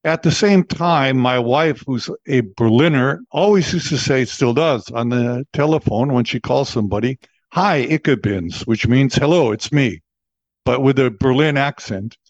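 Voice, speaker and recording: A chatty American man in his seventies, a veteran disc jockey telling stories. His mid-pitched voice comes through a dry, close recording with slightly dull sound. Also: moderate pace, no room sound. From Texas, USA. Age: 70s. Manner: chatty, laughs often, acts out quoted voices. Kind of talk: relaxed interview storytelling.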